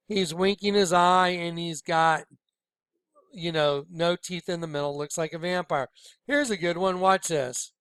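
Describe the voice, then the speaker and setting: A man hosting his own video, giving urgent, preachy commentary on images, jumping between loud outbursts and hushed asides. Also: high-pitched, smooth, no echo. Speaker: video host.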